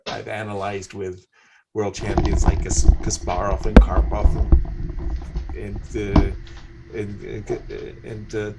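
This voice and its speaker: An older man commenting on chess, telling animated anecdotes with laughing asides in a casual way. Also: lowish voice, very noisy.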